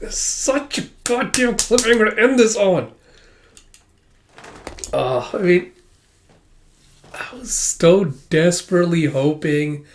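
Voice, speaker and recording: A man's voice: on the high side, a little mellow. A man hosting a manga reaction video, rambling casually and swearing often.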